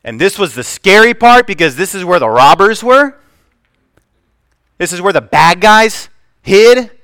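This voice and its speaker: A man preaching a sermon to a congregation, swinging between loud declarations and hushed asides, telling stories with humor. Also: high-pitched, expressive, a little slow, clean tone, no room sound. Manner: storytelling with humor. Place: church.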